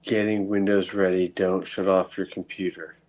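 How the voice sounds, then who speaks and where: A man's voice: sits low, level tone, normal speed, darkish tone, dull audio. A man on a livestream ranting with dismissive, profane exasperation about someone arguing in bad faith. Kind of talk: frustrated livestream rant.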